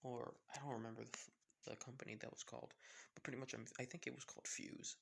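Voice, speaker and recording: Rambling gravelly male storyteller. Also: medium pitch, little pitch movement, fast talker, fairly bright tone, a little hiss or hum. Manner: rambling, many fillers, swears. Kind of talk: casual improvised fan-story narration.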